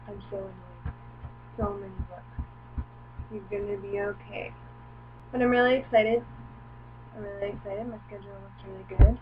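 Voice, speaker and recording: Young woman vlogging through a tinny mic. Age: young adult. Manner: chatty, coos to her dog in a high voice. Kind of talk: casual chat. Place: home room. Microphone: laptop webcam mic. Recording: tinny lo-fi webcam audio with hum.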